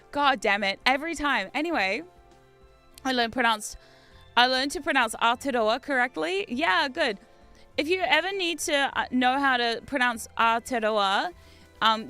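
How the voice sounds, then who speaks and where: A woman's voice: sits high, animated, normal speed, bright, forceful tone, soft background music. A woman streaming a game, telling stories in a chatty, self-mocking way with frequent laughs. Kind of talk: casual chat while gaming.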